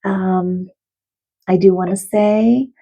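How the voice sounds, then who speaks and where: A woman who is an animal communicator and card reader, giving a spiritual card reading to viewers in a gentle, heartfelt and reassuring way. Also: medium pitch, fairly even intonation, takes it slowly, dull audio.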